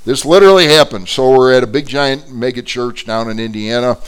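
A man's voice: medium pitch, a little fast, smooth. A man teaching an adult Bible class as a pastor, telling stories animatedly with many fillers and restarts.

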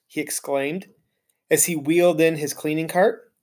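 A male teacher reading a children's chapter book aloud, narrating in an expressive, storytelling way. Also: fairly high pitch, a little slow.

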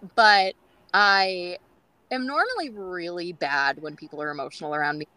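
A woman's voice: lowish voice, lively intonation, moderate pace, very noisy. A woman guest on a groomers' podcast, telling stories in a chatty way with many fillers and acting out quoted dialogue. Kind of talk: casual storytelling interview.

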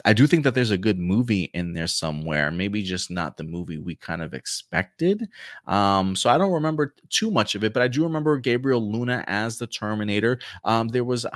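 A man hosting a casual livestream, chatting about films and shows and answering viewer comments, often halting with fillers and restarts. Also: fairly low pitch, fairly bright tone, dry recording, studio quality. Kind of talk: casual chat.

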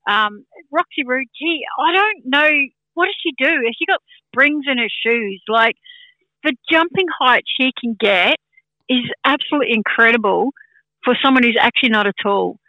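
Woman from new zealand, chatty football pundit, bright voice, dry close sound. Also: on the high side, lively intonation, moderate pace, no room sound, highs cut off. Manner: chatty, laughs often, many fillers. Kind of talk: casual sports chat.

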